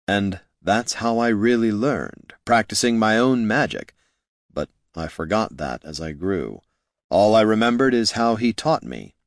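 A weary wizard who talks low and haltingly, as a man reads him. His voice sinks quiet and deep, full of sighs. The recording is dry and close. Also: dry recording. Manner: soft, hesitant, rueful. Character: weary, brooding male wizard teacher.

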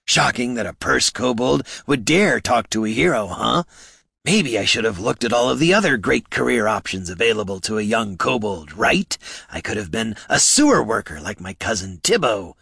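A man voicing a touchy male kobold purse performer with a raspy voice and quick wisecracking street talk, in a storybook reading. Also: fairly low pitch, very animated, pushed and bright, no room sound, studio quality, full character voice. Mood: indignant.

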